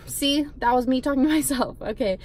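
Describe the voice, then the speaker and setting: High-voiced young woman giving a blunt pep talk. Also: a little fast, darkish tone, slight background noise. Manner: blunt, swearing, emphatic and repetitive. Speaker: vlogger. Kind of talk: motivational pep talk to camera.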